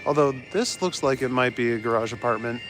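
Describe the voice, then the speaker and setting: A man's voice: mid-range voice, brisk, music in the background. A young man in casual chat as a live streamer, walking outdoors through city streets and chuckling as he answers his chat. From Canada. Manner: laid-back, chuckles often, reads out chat.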